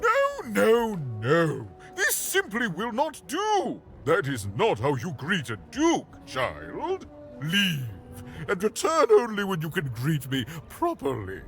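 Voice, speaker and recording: Flamboyant cruel game duke, theatrical and pompous, high, sing-song, game music loud behind. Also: male voice, wildly swooping pitch, takes it slowly, exaggerated voice. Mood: haughty scolding.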